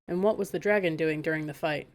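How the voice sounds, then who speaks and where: A woman reading aloud, voicing a gruff, greedy, lazy giant troll in a storybook. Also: low-pitched, quick pace, close to an everyday voice. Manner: gruff, threatening.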